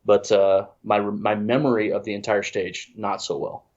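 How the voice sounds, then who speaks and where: A man's voice: fairly low pitch, little pitch movement, moderate pace, a little mellow. A congested man telling a rambling, self-deprecating story in casual chat, full of restarts. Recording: dull lo-fi audio.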